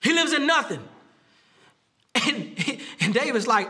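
Male pastor, very high and bright voice, lively preaching style with frequent laughter. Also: slow pace, pauses often. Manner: animated preaching with laughs and repeated phrases; acts out quoted speech with rising pitch. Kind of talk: sermon.

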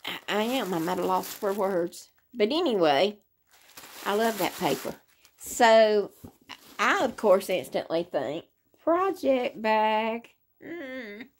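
A woman's voice: medium pitch, very animated, slow, slight background noise. An older woman, chatting casually to her viewers from her living room in a rambling, sleepy way. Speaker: crochet vlogger. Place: living room, in a hospital bed.

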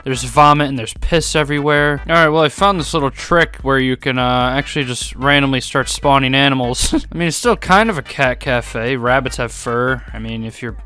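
A man's voice: moderate pace, hardly any pauses, sharp tone, clean tone. Joking young man narrating gameplay. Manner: joking, laughs often, rising to high squeaky laughs. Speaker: gaming YouTuber. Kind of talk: casual Let's Play commentary. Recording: faint game music behind.

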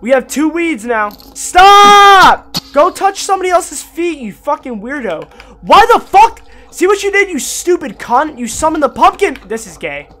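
A man giving profane, sarcastic let's-play commentary on a horror game, moving between low mutters and panicked yells. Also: sing-song, normal speed. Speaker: gaming YouTuber.

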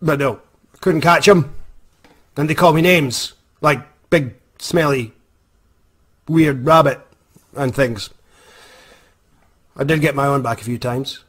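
Scottish guy telling a funny story, kinda husky, wry. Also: mid-range voice, slow pace, long pauses, a bit bright. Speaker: vlogger, author. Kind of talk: comic storytelling.

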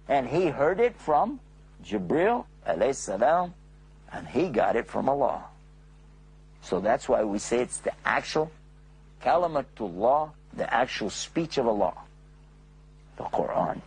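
A man narrating a religious story for children, often turning to his listeners with questions. His voice is gravelly and raspy, a bit high for a man, and it rises and falls with lots of life. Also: measured pace, pauses often. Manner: animated, asks the listeners questions.

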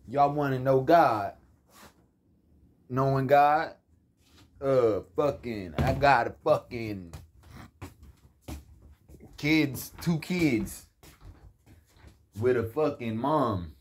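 A man's voice: medium pitch, drawn-out words, pauses often, a little hiss or hum. A young adult man telling a rambling, profane story in a casual rant.

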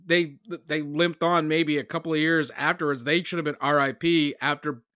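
A man's voice: on the high side, fairly even intonation, normal speed, pushed and bright, clean tone, no echo, clean studio sound. A man co-hosting a comedy podcast, chatting casually and dropping wry jokes. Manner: wry, joking asides. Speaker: podcast co-host.

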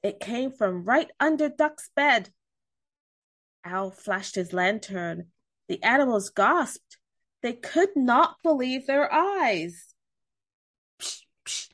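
Slow, lively bedtime-story reader, a woman. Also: a little high. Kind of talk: reading a picture book aloud to children.

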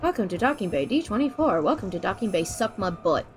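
A woman's voice: mid-range voice, very animated, fast. A woman giving let's play commentary into a desk microphone, chatty, jokey and often swearing. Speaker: gaming streamer.

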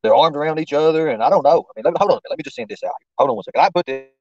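A slightly high, slightly mellow man talks very fast and animatedly while hosting a casual stream, rambling in slang and talking to himself as he works the screen. No echo is present, and the high frequencies are cut off.

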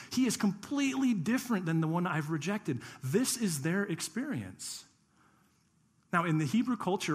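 A man, a pastor, preaching a sermon in church, telling stories with playful asides to the congregation. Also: mid-range voice.

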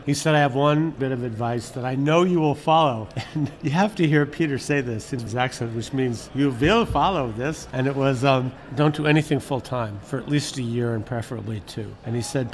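A man's voice: mid-range voice, a little hiss or hum. An older man, a former magazine editor, telling stories candidly and with energy in a casual interview. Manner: candid, animated storyteller who swears casually.

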